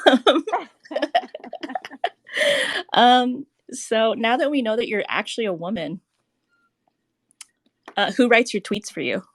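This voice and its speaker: A woman's voice: medium pitch, lively intonation, moderate pace, pauses often, fairly bright tone, dry recording. Young woman hosting a chat show, giggly, swears a lot, dry close sound. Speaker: podcast host. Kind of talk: casual live audio chat.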